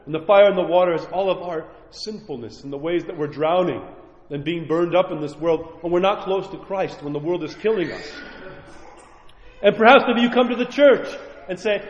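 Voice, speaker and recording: A man with a high-pitched voice preaches in an echoey church, his words hanging in a long reverb. He talks earnestly and conversationally, then slows down hard on the points he wants to land. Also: muffled recording. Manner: earnest, conversational preaching with sudden slowed emphasis. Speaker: priest. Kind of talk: sermon.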